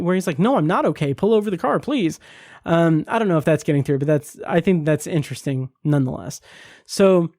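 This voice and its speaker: A man's voice: on the high side, dark tone, no echo, studio quality. A man hosting a solo podcast, casually reviewing a TV episode in a rambling way, full of fillers and restarts. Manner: rambling, many fillers and restarts, acts out quoted lines.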